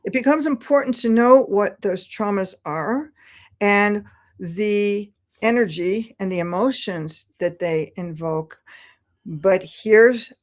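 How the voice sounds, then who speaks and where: A woman's voice: mid-range voice, takes it slowly. A woman speaking as a podcast guest, talking in an earnest, flowing, encouraging way about spiritual growth. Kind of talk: podcast conversation.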